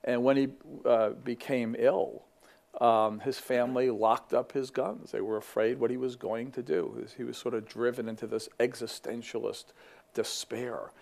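Middle-aged man, gravelly voice, easygoing talk on faith, lots of "you know" and restarts. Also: medium pitch, level tone, normal speed, a little mellow. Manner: conversational, with frequent fillers and restarts. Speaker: ministry vice president.

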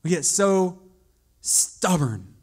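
A man preaching a sermon as pastor, moving from quiet, musing storytelling to loud, urgent calls to the congregation. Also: sits high, sing-song, extremely slow, husky.

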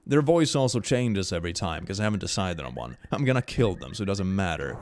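A man's voice: low-pitched, big pitch swings, brisk, a little hiss or hum. A young man giving playful, goofy let's play commentary, full of silly sound effects. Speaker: gaming YouTuber.

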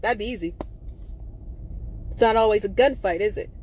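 A woman host speaking to her viewers in an emotional monologue, laughing nervously between angry, profane outbursts and swinging from quiet mumbling to loud intensity. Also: mid-range voice, normal speed, a little hiss or hum.

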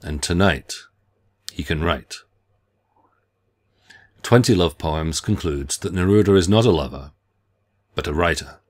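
A middle-aged man reading a scripted literature lecture in a measured, deliberate way, with careful phrasing. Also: low voice.

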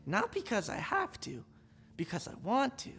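A woman voicing Jesus as a gentle, earnest man who speaks insistently. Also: mid-range voice, huge pitch swings, moderate pace.

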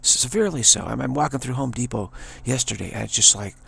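Man, low gravelly voice, husky, dry close sound, rambling spiritual monologue. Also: a bit bright. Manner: digressive, repeats himself, halting restarts. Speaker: spiritual teacher.

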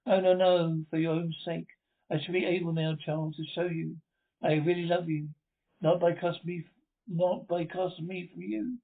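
A man's voice: a little high, flat delivery, moderate pace, vocal fry. A man voicing a distraught, lovesick young woman who pleads and exclaims, on a tinny lo-fi recording. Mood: frantic.

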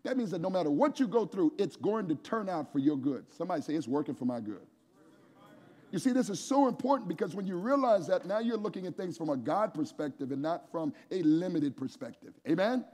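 A male preacher delivers an animated sermon in a large church, prodding the audience to call back and raise hands. His voice sits a little high and has a husky edge. The sound rings with long reverb from the hall. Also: a little fast. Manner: animated, pushes the crowd to answer and raise hands. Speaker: preacher at a men's conference. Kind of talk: energetic sermon with call-and-response.

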